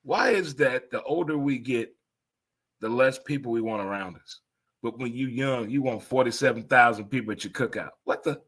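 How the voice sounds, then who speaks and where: A man in his fifties riffs through a casual sports talk monologue in a bright, forceful voice. He rambles and exclaims, jumping into sudden high-pitched outbursts. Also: moderate pace, breathy edge. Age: 50s.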